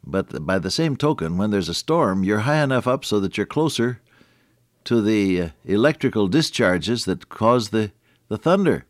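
An older man preaches a gentle radio devotional in a very low voice that swoops up and down with feeling. He talks folksy and conversational, stumbling over his words and then reading Scripture slowly. The sound is dry and close, with no room around him. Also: animated, no room sound. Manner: folksy, conversational, with frequent restarts and Scripture quoting.

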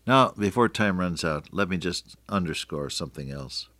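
An older man preaching a radio sermon, earnest, often slowing and dropping to a near-whisper for emphasis. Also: deep voice, animated, fairly bright tone, no room sound.

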